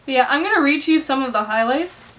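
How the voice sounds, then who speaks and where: High-voiced woman ranting about a movie. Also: animated, quick pace, fairly bright tone. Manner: sarcastic, exasperated, swears. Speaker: movie reviewer. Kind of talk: casual ranting movie review.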